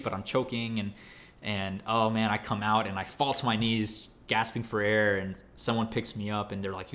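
Young man, lowish voice, slangy animated storyteller, casual chat. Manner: animated, slangy, lots of fillers and restarts. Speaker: storyteller recounting training.

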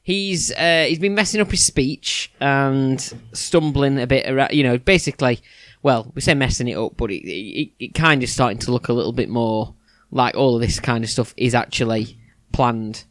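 A man's voice: medium pitch, normal speed, a bit bright, no room sound, studio quality. A man co-hosting a casual news chat, hesitant with many restarts. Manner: hesitant, lots of restarts and fillers. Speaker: podcast co-host.

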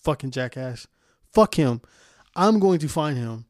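A man's voice: mid-range voice, lively intonation, unhurried, no room sound, clean studio sound. A man hosting a casual podcast, talking with heavy swearing and frequent laughter as he rants. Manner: profane, laughing, ranting. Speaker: podcast host.

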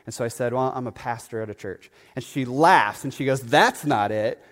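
A man, a pastor, telling a story in a sermon, chatty and animated, with lots of fillers and asides. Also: mid-range voice, brisk, big-room sound. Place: church sanctuary.

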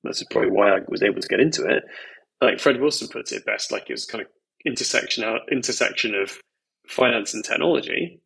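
A man's voice: mid-range voice, brisk, gravelly, a bit bright, slightly rough, rough recording. A man, a venture investor, speaking candidly and emphatically as a podcast guest, with many "you know"s and "like"s. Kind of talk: podcast conversation.

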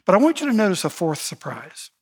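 A man preaching a sermon as pastor, building emphasis and slowing to stress key words. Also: high voice, sing-song, breathy edge. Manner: preaching with rising emphasis, slow deliberate stresses.

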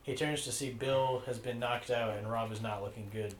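A man narrating the stage directions of a comedy script in a deadpan manner. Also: mid-range voice, moderate pace. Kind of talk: reading stage directions aloud. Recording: echoey room, faint noise.

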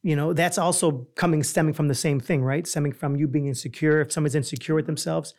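A man of Italian heritage hosts a podcast, chatting casually, asking questions and rambling with plenty of fillers and restarts. His voice is a little high and a little mellow, with fairly even intonation and a quick pace.

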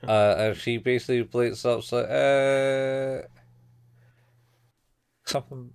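A man co-hosting a casual podcast chat, retelling anime plot points haltingly with many fillers. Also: medium pitch, fairly even intonation, creaky, a little mellow, clear, resonant tone, dry recording. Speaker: podcast co-host.

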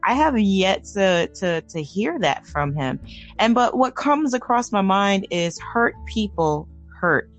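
A woman's voice: medium pitch, lively intonation, slow, faint music behind. A woman podcast co-host speaking candidly and thoughtfully, sometimes hesitating and restarting as she reflects. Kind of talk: candid personal conversation.

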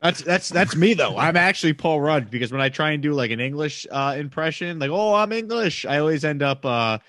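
A man from Long Island co-hosting a podcast, talking in a chatty, self-deprecating way with an easy, even flow. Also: on the high side, a little fast, no echo, studio quality. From Long Island, New York. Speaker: podcast co-host, radio host by day. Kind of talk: casual chat.

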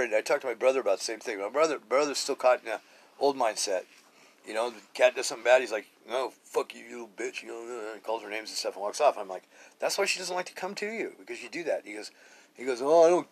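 Rambling middle-aged man on a phone mic. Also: mid-range voice. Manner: casual, profane, repetitive with many restarts. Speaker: podcast host. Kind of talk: rambling spiritual podcast monologue. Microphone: cheap phone.

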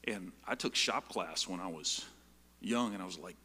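A middle-aged man preaching a sermon full of personal stories, acting out scenes with sudden jumps in pitch and volume. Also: normal speed, slightly rough. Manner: animated storytelling, jumps high and loud when acting out scenes. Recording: long hall reverb.

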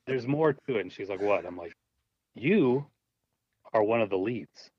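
A low-budget filmmaker, guesting in an interview, tells a story in a casual, laughing, animated way and acts out the voices in it. His fairly low, husky voice is unhurried, and the audio is dull, dry, and lo-fi.

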